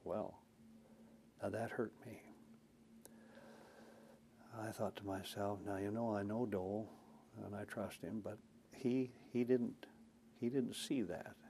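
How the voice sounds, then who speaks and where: A man's voice: fairly low pitch, steady tone, a little slow, mellow, slight background noise. An older man and former senator telling folksy, anecdotal stories in an oral history interview, chuckling and acting out quotes.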